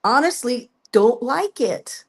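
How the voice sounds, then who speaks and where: A woman's voice: fairly high pitch, expressive, takes it slowly. A woman guest telling her story in a casual interview, acting out both sides of the conversations. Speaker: guest singer.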